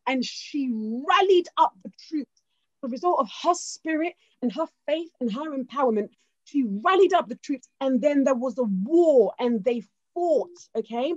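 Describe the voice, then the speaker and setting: An emphatic woman giving an informal history talk, often checking that her listeners are following. Her voice sits fairly high and comes through a dull, lo-fi recording with a dry sound. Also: expressive, normal speed, no echo. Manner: emphatic, keeps checking in with "okay?". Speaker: speaker.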